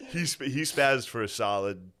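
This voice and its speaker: Animated young man telling stories, swearing. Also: medium pitch, normal speed, a crowd in the background. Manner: animated storytelling, acts out family members, swears freely. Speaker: podcast co-host. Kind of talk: casual chat.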